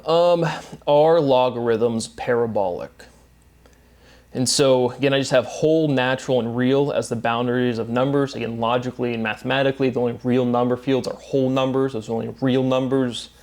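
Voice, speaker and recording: A man talking through a solo lecture at a middle pitch. He circles back to the same phrases with insistent emphasis and peppers his talk with "um" and "right?". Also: steady tone, fairly quick, darkish tone. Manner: filler-heavy with frequent "right?" and "um". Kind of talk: unscripted solo monologue.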